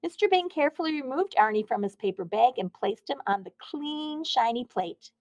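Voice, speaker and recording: A woman reads a children's picture book aloud in a fairly high voice, her pitch rising and falling freely. She is close to the mic and the sound is dry, with no room around it. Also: normal speed, dry recording, dull audio. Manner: expressive, animated. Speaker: school reader.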